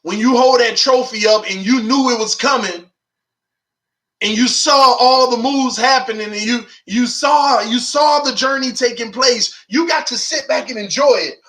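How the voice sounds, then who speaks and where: High bright-voiced excitable male fan host. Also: normal speed. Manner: emphatic, shouts and preaches at viewers; drawling, says "man" and "y'all" constantly. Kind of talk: excitable fan livestream chat.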